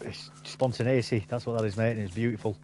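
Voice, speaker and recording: A man's voice: on the low side, fairly even intonation, fast, darkish tone, a little hiss or hum. Jokey man chatting over a game. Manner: jokey, laughs often, says mate a lot. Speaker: gamer in voice chat. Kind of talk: casual chat while gaming.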